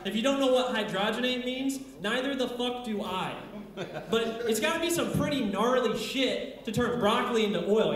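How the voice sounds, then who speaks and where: A man doing a crude, rambling stand-up set at an open mic night, talking into a handheld stage mic on a bar stage. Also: sits high. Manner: crude, rambling, deadpan delivery. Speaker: stand-up comedian. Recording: very echoey bar room.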